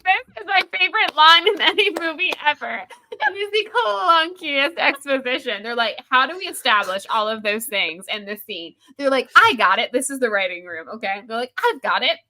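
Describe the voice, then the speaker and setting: A woman's voice: fairly high pitch, pushed and bright. A woman co-hosting a podcast, reviewing a movie in casual chat, sarcastic and acting out characters' lines. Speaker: podcast co-host.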